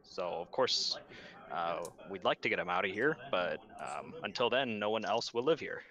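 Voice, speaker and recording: A man voicing a weary, wistful male dwarf exile in a tabletop game, rambling and hesitant with many pauses. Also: deep voice, animated, sharp tone. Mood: explaining.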